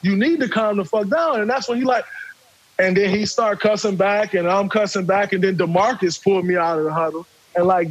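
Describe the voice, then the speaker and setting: Guy telling a story, husky voice, lots of cussing, acts out the quotes. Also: high voice, brisk, muffled recording. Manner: animated, profane, acts out quotes. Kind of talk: casual storytelling.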